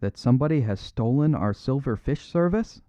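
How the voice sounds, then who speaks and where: A man's voice: expressive, normal speed, dark tone, no echo, lightly acted. A rigid old army colonel, voiced by a male reader, grates out his words in a harsh, raucous undertone. He snaps short commands with wooden authority. The recording is dry and a bit muffled. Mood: grim. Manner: raucous, harsh low undertone, clipped orders.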